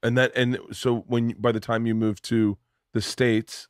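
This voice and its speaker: A man's voice: medium pitch, flat delivery, unhurried, clear, resonant tone, dry recording, clean studio sound. A man hosting a casual podcast chat, asking brief questions and giving short replies. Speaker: podcast host.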